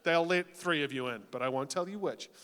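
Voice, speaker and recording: A young New Zealander with a New Zealand accent hosts a college talent show on an auditorium stage, trading dry, self-mocking jokes and teasing the crowd. His smooth voice is a little high, a little fast and fairly bright. It's picked up on a PA mic in a reverberant hall.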